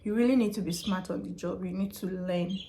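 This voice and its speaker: A woman's voice: mid-range voice, a little fast, dark tone, a little hiss or hum. A woman giving chatty, emphatic advice on a vlog, repeating her points. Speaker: vlogger and customer service worker.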